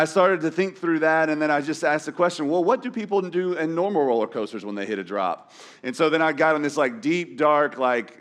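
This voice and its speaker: A man preaching a sermon in a conversational, self-deprecating way, often restarting his sentences. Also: a little high. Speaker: pastor. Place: church auditorium.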